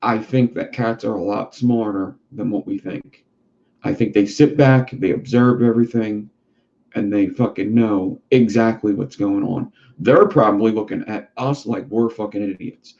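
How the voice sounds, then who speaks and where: A man's voice: lowish voice, moderate pace, gravelly, a little mellow. A man hosting a casual livestream chat who rambles and swears freely. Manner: profane, rambling. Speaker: livestream host. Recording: dull lo-fi sound.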